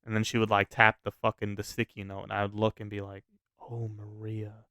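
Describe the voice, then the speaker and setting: A man telling a personal story in a casual, animated way, swearing freely and often restarting his sentences. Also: fairly low pitch, fast talker, clean tone, no room sound, studio quality.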